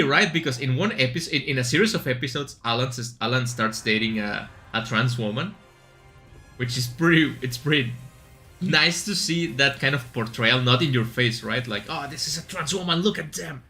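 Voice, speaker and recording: A male streamer with a bright, forceful voice rambles casually through his thoughts while playing, full of fillers and asides. Faint game music runs quietly behind him. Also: medium pitch, normal speed. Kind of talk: casual chat while gaming.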